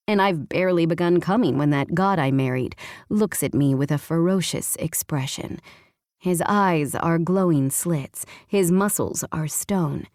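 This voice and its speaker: A woman narrating a first-person romance audiobook with a hushed, intimate delivery. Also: deep voice, a little slow, no room sound, clean studio sound.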